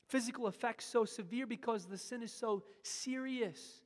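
A pastor delivering a sermon with emphatic delivery, swinging between loud urgent passages and hushed asides. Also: medium pitch, moderate pace. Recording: long hall reverb.

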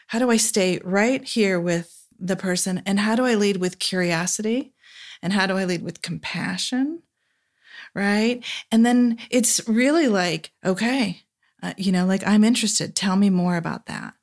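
Woman, therapist guest, casual podcast chat, reflective, soft quoted asides. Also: mid-range voice. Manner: reflective, acts out quoted voices softly.

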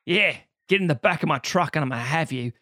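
A man voicing a crude, foul-mouthed young Australian woman with a put-on Australian accent, loud and vulgar. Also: on the high side, lively intonation, fast, no echo. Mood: brash. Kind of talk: comic impression in casual chat.

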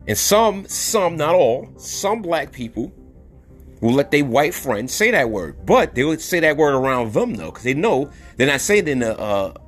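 Lively blunt New man. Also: on the high side, normal speed, soft background music. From New York City. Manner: blunt, repeats words for emphasis. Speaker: podcast host. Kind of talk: opinionated monologue.

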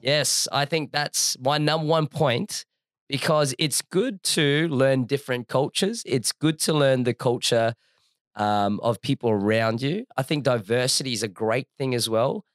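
A man's voice: mid-range voice, a little slow, dry recording, clean studio sound. A young Australian man co-hosting a casual chat, animatedly telling stories and acting out the people in them. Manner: lively storyteller who acts out other people's lines. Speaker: podcast co-host.

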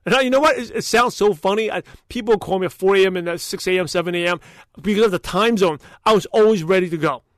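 A man with a high-pitched voice hosts a solo podcast, recorded dry and close. He talks in an emphatic, motivational way, rambling and restarting his sentences as he goes. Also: fast talker, no echo. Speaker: podcast host.

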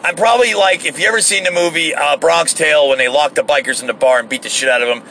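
A man tells a rambling story full of swearing, with a bright, forceful voice that sits a little high for a man. He speaks casually and with animation, as if talking to a camera from inside a vehicle. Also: quick pace, a little hiss or hum. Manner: profane, rambling, animated retelling.

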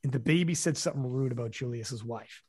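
A man hosting a podcast in casual chat, telling stories in a profane, animated way. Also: mid-range voice, fast talker, breathy edge, no room sound, studio quality. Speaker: podcast host.

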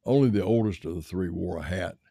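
Deep gravelly male story narrator. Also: fairly quick, dry recording, clean studio sound. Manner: steady storytelling. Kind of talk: story reading.

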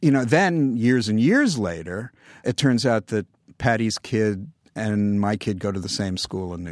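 An older man telling wry anecdotes in a relaxed interview, with dry humor. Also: lowish voice, no room sound. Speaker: guest. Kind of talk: conversational interview storytelling.

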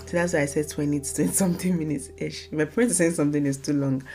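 A young woman from Nigeria hosting her own casual podcast, talking fast and rambling, often correcting herself mid-sentence. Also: sits low, steady tone, a little mellow, faint music behind. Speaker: podcast host. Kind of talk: casual solo podcast talk.

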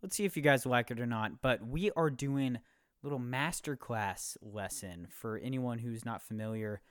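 A young man in his twenties hosts a casual podcast, rambling along in an upbeat, easygoing way. His voice sits at an ordinary pitch, and the sound is close and dry with no room echo. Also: moderate pace, clean tone. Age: 20s. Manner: loose, rambling, upbeat with filler words. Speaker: podcast host.

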